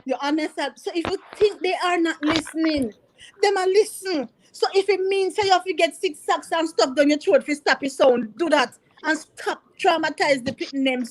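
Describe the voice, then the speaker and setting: High-voiced Jamaican woman lecturing parents. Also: moderate pace, rough recording. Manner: emphatic, repeats points, mixes patois. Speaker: teacher. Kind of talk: impassioned talk to parents.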